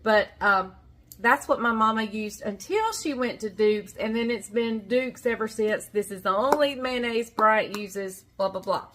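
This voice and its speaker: A woman's voice: fairly high pitch, lively intonation, unhurried, fairly bright tone. A middle-aged woman with a Southern American accent, telling a rambling, folksy story in a casual kitchen vlog. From Southern United States. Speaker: vlogger. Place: home kitchen.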